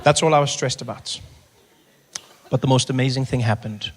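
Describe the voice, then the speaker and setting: A man doing stand-up storytelling, animated and exasperated, often launching into loud rants. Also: mid-range voice, normal speed, some chatter behind. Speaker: stand-up comedian.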